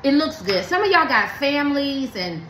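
A woman's voice: high voice, big pitch swings, moderate pace, a bit bright, roomy sound, slight background noise, low-quality recording. A woman giving a blunt, emphatic tarot reading, talking in slang and preaching to her viewers. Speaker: tarot card reader.

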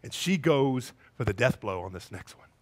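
A male pastor giving a sermon in a church, animated as he acts out scenes with voices and sound effects. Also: medium pitch, moderate pace. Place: church sanctuary with a congregation.

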